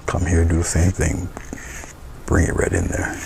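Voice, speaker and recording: A man teaching painting step by step, calm and encouraging, his words often trailing off into soft murmurs. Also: low-pitched, normal speed, noisy background. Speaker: painting instructor.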